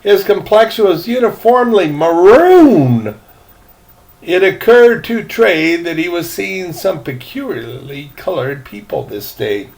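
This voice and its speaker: A man's voice: high voice, sing-song, takes it slowly, vocal fry, darkish tone. An older man reading a novel aloud, folksy, stopping for chatty asides to the listener. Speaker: reader, storyteller.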